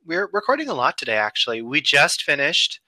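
A man's voice: on the high side, big pitch swings, a little fast, pushed and bright, no echo, rough recording. A young man from the United States, co-hosting a casual podcast chat with a jokey, self-mocking manner. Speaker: podcast co-host.

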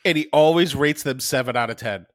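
Profane excitable man, dry mic. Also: mid-range voice, a little fast, no room sound. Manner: profane, excitable, swears constantly. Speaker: podcast co-host. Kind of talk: casual chat.

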